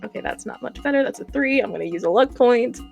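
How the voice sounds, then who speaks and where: A woman playing a tabletop game, excitable and giggly as she talks. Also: on the high side, quick pace, gravelly, lo-fi sound, soft background music. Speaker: player.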